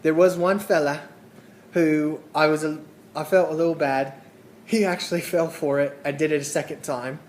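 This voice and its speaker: A man with a fairly high voice tells a comic monologue, rambling and halting, stacking fillers and chuckling as he goes. A faint hiss sits under the recording. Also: fairly even intonation, darkish tone. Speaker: comedian. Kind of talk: humorous monologue.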